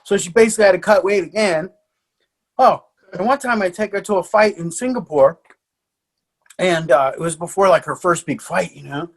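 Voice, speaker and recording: Male podcast guest, a fight coach, animated storyteller, slightly high voice. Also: normal speed. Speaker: guest, martial arts coach. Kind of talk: casual podcast conversation.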